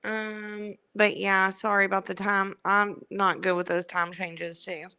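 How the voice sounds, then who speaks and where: A woman's voice: mid-range voice, little pitch movement, unhurried, bright, forceful tone, smooth. A woman with a Southern US country accent, hosting a livestream in chatty, rambling, self-mocking casual talk. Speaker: livestream host. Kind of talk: casual chat.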